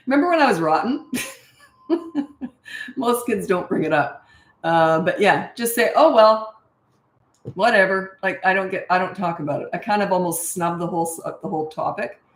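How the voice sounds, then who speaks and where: A middle-aged woman who coaches parents, answering viewer questions in a breezy, matter-of-fact way and acting out parent lines in a bright sing-song. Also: mid-range voice, animated, normal speed, pauses often. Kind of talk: casual Q&A livestream. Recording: echoey room.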